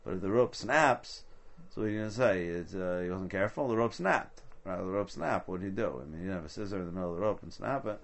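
A man leads a Talmud study session in a somewhat low voice. He explains each point step by step and drops Hebrew and Aramaic terms into his English. He keeps asking rhetorical questions as he goes. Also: expressive, quick pace, vocal fry. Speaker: Talmud teacher.

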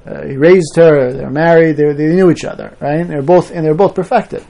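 A man with a fairly high voice teaches a small Torah class in an easy, conversational way. He explains points patiently and keeps checking in with his students as he goes. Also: steady tone, fairly quick, creaky, warm tone. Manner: explains patiently, often checking in with "right?" and "you know?".

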